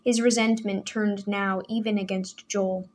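A woman reading a novel aloud in measured, scripted storytelling narration. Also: mid-range voice, level tone, a little mellow. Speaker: audiobook narrator.

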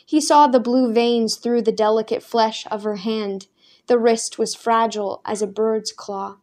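A woman reading a story aloud in a measured, even narration. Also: on the high side. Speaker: audiobook narrator. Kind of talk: scripted narration.

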